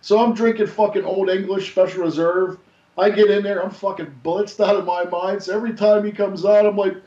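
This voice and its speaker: A high-pitched man swears his way through excitable stories in loose, casual talk. The sound is roomy and dull, like a lo-fi recording in an echoey room. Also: a little fast, a little hiss or hum. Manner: profane, excitable storyteller. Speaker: co-host. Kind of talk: casual radio chat.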